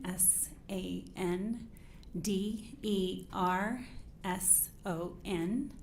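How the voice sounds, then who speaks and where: A middle-aged woman from Idaho, USA, testifies at a courtroom microphone as a trial witness, sounding nervous and careful. Her mid-range voice comes through echoey courtroom audio with a little hiss or hum.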